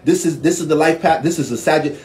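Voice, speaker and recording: A young man casually teaching astrology in slangy, profane, animated talk, laughing often. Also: a little high, fast. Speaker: astrology reader.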